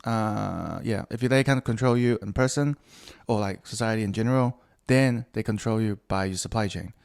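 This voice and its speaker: A man's voice: fairly low pitch, moderate pace, vocal fry, darkish tone, clean tone. A middle-aged man hosting a solo podcast, rambling casually and swearing a lot with self-mocking humor. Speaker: podcast host.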